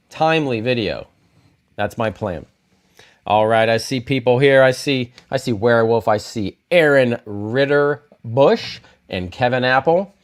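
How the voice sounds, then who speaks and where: A man in the middle of a casual livestream, talking loosely and animatedly. He keeps correcting himself and wanders between points. His voice sits at an ordinary middle pitch. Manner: rambling, self-correcting, animated. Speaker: YouTube host reviewing TV shows.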